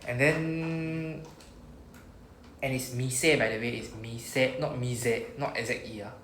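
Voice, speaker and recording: A man's voice: mid-range voice, takes it slowly, a bit bright. Singaporean man teaching in an echoey classroom. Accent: Singaporean English. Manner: patient, explaining step by step with models to repeat. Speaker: Japanese teacher. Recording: echoey room with faint noise.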